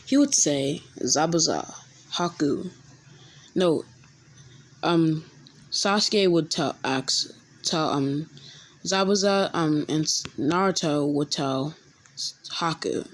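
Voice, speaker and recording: A young woman casually telling a fan-made story, halting often with ums and restarts. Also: low voice.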